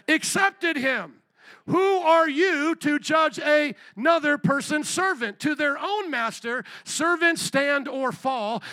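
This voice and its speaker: A man preaching a sermon as pastor, animated and joking, firing rhetorical questions at the congregation. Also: very high-pitched, no room sound.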